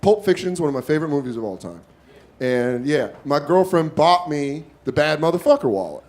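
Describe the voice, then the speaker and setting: A man doing stand-up comedy, telling a story with a lively, profane, animated delivery and acting out the other voices. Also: a little high, a little fast, a little hiss or hum. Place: comedy club stage with live audience. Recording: loud audience laughter behind.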